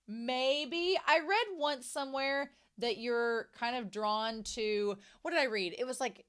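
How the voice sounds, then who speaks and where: A woman's voice: fairly high pitch, a bit bright. A young adult woman recapping an anime episode in casual, chatty talk, full of "like" fillers and gushing reactions.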